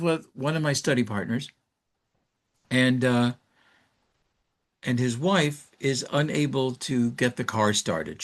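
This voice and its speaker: Gravelly-voiced rabbi, chatty storyteller. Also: male voice, medium pitch. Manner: conversational storytelling with frequent fillers; reflective, rhetorical questions. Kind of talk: informal Torah class.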